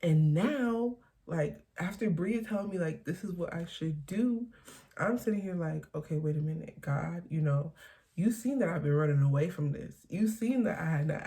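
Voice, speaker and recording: Candid young woman with a gravelly, dark voice. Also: deep voice. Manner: candid, confessional, halting. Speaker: vlogger. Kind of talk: emotional personal vlog.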